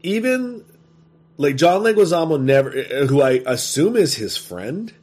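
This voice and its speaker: A man's voice: on the high side, sing-song, a little slow, darkish tone. A man in casual, profane conversation reviewing a movie, laughing often and talking with animation.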